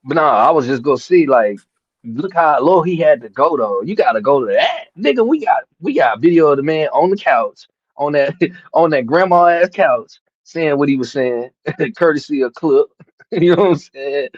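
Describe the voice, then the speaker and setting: Black guy rambling about boxing, slightly high voice, muffled dead-dry mic. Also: lively intonation, normal speed, breathy edge, no room sound. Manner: rambling, repeats "you know what I'm saying", profane. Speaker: boxing podcast host. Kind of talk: casual chat.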